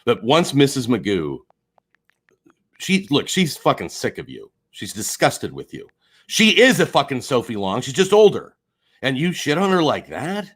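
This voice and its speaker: An angry man on a livestream, swearing and swinging between low mutters and shouts. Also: wildly swooping pitch, a little slow, breathy edge. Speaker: streamer. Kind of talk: heated livestream rant.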